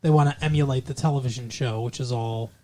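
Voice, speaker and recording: A man's voice: medium pitch, steady tone, fast talker, mellow. A man co-hosting a casual movie review podcast, rambling and joking, often breaking into mock impressions. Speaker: podcast co-host.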